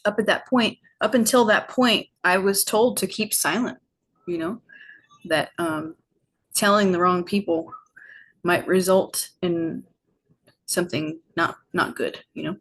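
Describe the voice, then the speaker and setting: A woman guest on a podcast, telling a personal story in a reflective, unhurried way with many fillers. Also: lowish voice, a bit bright, slightly rough. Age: adult, older than her teen years. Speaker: podcast guest, healing facilitator. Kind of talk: personal storytelling in casual conversation.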